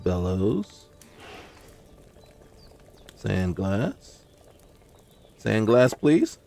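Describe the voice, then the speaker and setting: A low, gravelly man voice talking through a game session at a slow, unhurried pace. He muses aloud to himself and bursts out in frustration at mistakes, with faint music underneath. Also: big pitch swings. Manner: talks to himself, exclaims in frustration. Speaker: gaming channel host. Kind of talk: casual gameplay commentary.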